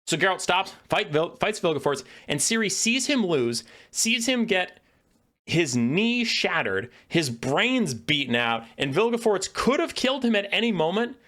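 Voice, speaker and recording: A man giving an animated, profane and sarcastic lore rant as a video creator. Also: sits high, a little slow.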